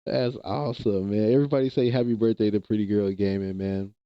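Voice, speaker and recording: A man's voice: on the low side, fairly even intonation, a little fast, clean tone, no room sound, lo-fi sound. A man streaming live, chatting casually with viewers in loose slang and laughing often.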